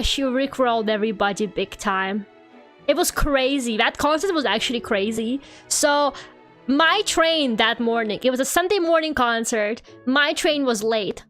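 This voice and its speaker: A woman streamer chatting casually while gaming, telling stories in an animated way and swearing freely. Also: high-pitched. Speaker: VTuber streamer.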